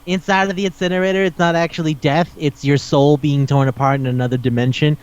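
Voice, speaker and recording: A man's voice: a little high, fast, clean tone, muffled recording. A man co-hosting a casual podcast chat, ranting and swearing as he picks a movie apart. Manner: ranting, profane, animated. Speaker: podcast co-host.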